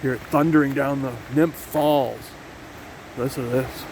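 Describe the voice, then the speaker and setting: Noisy wind and river sounds surround a man's unhurried, steady, medium-pitched voice, marked by vocal fry. He's a vlogger narrating a casual stroll along a forest trail by a river, rambling, using fillers, and restarting his thoughts.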